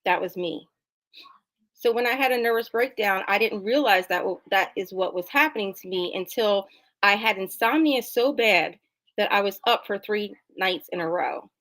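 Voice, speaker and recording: A middle-aged woman from New Jersey, a talk show guest, telling her personal story in an animated, emphatic way. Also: mid-range voice, moderate pace, low-quality recording. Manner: animated, emphatic, acts out dialogue. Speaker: interview guest.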